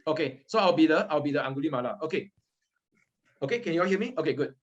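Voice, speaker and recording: A man's voice: on the high side, expressive, fast talker, dull audio. A man teaching a Buddhist story class, conversational, often checking in with his listeners. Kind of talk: interactive Dharma class.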